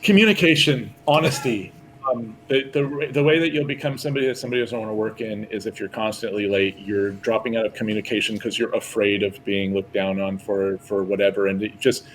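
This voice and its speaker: A man with a fairly low voice talks candidly as a guest on a casual podcast. His talk rambles and he laughs easily. A faint rumble sits under the recording. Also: steady tone, fairly quick, poor audio. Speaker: guest artist.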